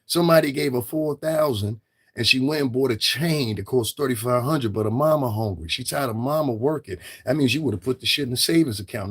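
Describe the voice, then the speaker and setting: A middle-aged man hosting his own livestream, cursing freely and challenging his viewers head-on. His voice is husky and sits at a middle pitch. He circles back over the same points with blunt repetition. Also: a bit bright. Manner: profane, confrontational, repetitive. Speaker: livestream commentator. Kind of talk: livestream rant.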